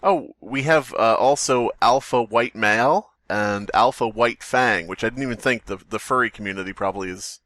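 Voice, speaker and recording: Bright-voiced man chatting on a podcast. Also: mid-range voice, normal speed, hardly any pauses, no echo. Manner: reads aloud with laughing asides. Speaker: podcast co-host. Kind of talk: casual podcast chat and reading.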